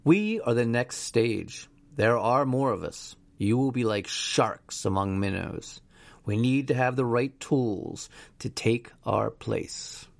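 A man voicing a cold, buzzing parasitic voice inside someone's head, with a gravelly, dry sound. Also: mid-range voice, slow, no echo.

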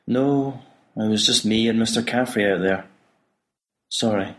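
A man voicing a troubled priest who speaks quietly and subdued. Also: on the low side, a little slow, pitched above the performer's own voice. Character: troubled middle-aged male priest.

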